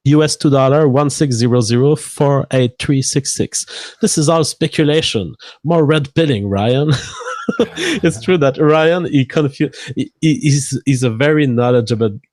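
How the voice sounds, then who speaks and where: A man's voice: mid-range voice, a little slow, a little mellow, no room sound. A man with a French accent, co-hosting a casual livestream and reading viewer donation messages aloud, then commenting on them.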